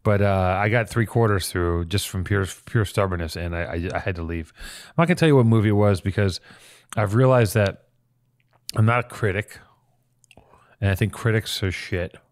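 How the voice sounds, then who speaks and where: A man's voice: lowish voice, normal speed, no echo. Dry-sounding man joking on a podcast. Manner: joking, rambling storyteller with mock hype shouts. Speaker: podcast host. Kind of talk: comedic podcast banter.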